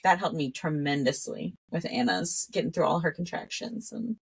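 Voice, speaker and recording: Animated woman telling a story, low-pitched. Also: moderate pace, vocal fry, breathy edge. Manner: animated, laughs often, acts out her own past words. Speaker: podcast guest. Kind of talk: casual conversational storytelling.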